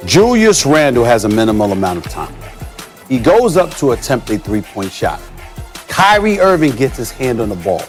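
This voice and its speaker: A middle-aged man hosting a heated sports debate, loud and theatrical, repeating himself and hamming up his emotions. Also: mid-range voice, big pitch swings, unhurried, pauses often, soft background music.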